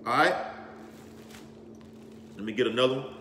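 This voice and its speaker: A man's voice: mid-range voice, normal speed, sharp tone. A man preaching on scripture with force, repeating himself as he builds and checking in with "all right?" and "okay?". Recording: echoey hall with faint background noise.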